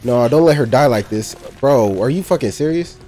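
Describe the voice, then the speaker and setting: A man's voice: medium pitch, lively intonation, normal speed, dark tone. A young man casually reacting to a movie, talking in loose slang, cursing and laughing a lot.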